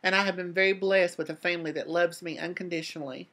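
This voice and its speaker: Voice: medium pitch, steady tone, fast, fairly bright tone. A vlog host earnestly comforting a viewer and sounding close to tears, often repeating phrases. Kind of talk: heartfelt advice to a viewer.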